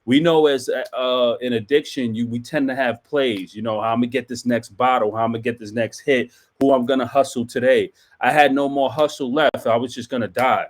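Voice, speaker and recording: A man's voice: mid-range voice, steady tone, moderate pace, hardly any pauses. Earnest New man telling his recovery story. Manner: earnest, emotional storytelling with repeated "literally" and "man". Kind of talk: personal testimony.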